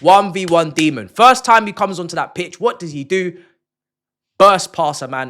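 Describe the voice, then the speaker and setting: Lively young man reacting to football. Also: high voice, a little fast. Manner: animated, playful, repeats words for emphasis. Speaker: football channel host. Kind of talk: excited fan match reaction.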